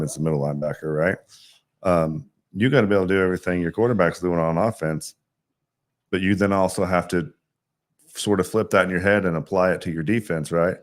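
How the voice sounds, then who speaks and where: Man, deep voice, casual interview host, conversational, asks leading questions. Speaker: coach and show host.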